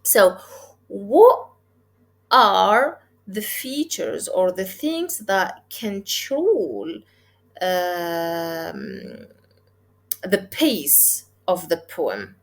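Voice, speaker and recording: A woman teaching poetry, explaining step by step in a deliberate way and checking in with "okay?". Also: medium pitch, very animated. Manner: deliberate, counts syllables aloud, frequent "okay?" checks. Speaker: literature teacher. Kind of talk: explaining poem analysis step by step.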